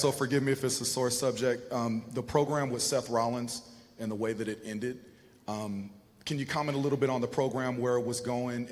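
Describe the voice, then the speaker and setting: A man's voice: medium pitch, long reverb tail. A man in the audience asking a question, polite and hesitant with lots of ums.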